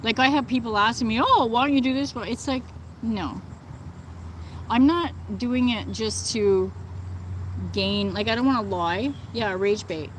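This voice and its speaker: A fairly high-voiced woman chats indignantly on a casual livestream outdoors, answering viewers unhurriedly and pausing often, with loose speech full of "like" and "you know." Faint outdoor noise, including birds and thunder within earshot, lingers behind her low-quality recording.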